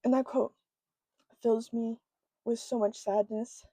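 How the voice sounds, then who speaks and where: A woman talking through a book in a casual vlog, emotional and halting, with many fillers, close to her own microphone. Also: on the high side, fairly even intonation, warm tone, no echo, rough recording. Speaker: book vlogger.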